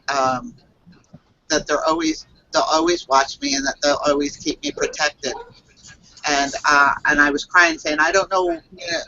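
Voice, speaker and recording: Bright-voiced woman telling a story on a call. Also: low voice. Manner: halting, earnest telling with many fillers and restarts. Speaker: psychic reader. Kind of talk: casual storytelling on a video call. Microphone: video call. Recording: lo-fi video call audio.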